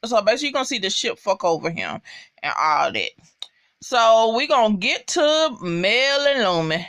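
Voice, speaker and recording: Bright, blunt, cussing recap voice. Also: mid-range voice, sing-song, moderate pace. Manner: profane, emphatic, talks straight to viewers. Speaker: TV episode recapper. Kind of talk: casual spoken recap.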